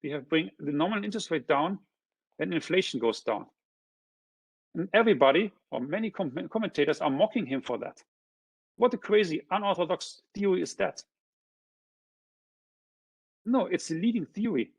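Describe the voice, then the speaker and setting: Husky-voiced man lecturing on graphs. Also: on the high side, expressive, a little fast, no room sound. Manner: checks in with frequent tag questions; points through a figure step by step. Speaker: economist presenting a seminar. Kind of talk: academic lecture explaining graphs.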